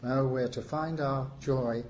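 A man preaching a sermon, unhurried, with frequent pauses and rising emphasis on key phrases. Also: mid-range voice, steady tone, a little mellow, a little hiss or hum.

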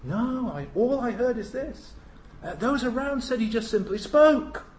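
A preacher voicing Lazarus, a man raised from the dead, speaking in a hushed, halting way in an echoey hall. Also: very high-pitched, lively intonation, pitched above the performer's own voice. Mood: earnest. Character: Lazarus, raised man, bewildered and plain-spoken. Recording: roomy church hall.

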